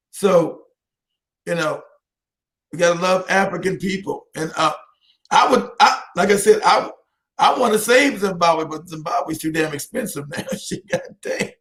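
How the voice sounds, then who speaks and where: As an interview guest, a man from the United States talks heatedly and emphatically, repeating himself and laughing between points. His voice sits high with a fairly bright tone.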